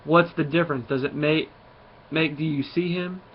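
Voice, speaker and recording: A man voicing a gruff, touchy male talking raccoon who snaps back when insulted, on a dull lo-fi recording. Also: a little high, steady tone, normal speed. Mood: defensive. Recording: dull lo-fi audio.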